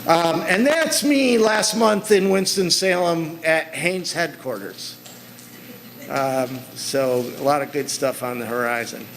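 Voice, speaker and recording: A man's voice: on the high side, slow pace, a bit bright, poor audio. A middle-aged man giving a talk to an audience, telling stories about his work in an earnest, conversational way. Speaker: speaker. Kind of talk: conference talk with slides.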